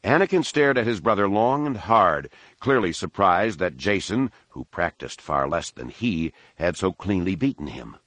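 A man narrating an audiobook in a steady, unhurried storytelling manner. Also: sits low, dry recording. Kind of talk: scripted narration.

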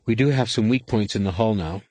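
A man voicing a skeptical, sharp woman starship officer in an audiobook. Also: fairly low pitch, brisk, no room sound, voice pushed up, close to an everyday voice.

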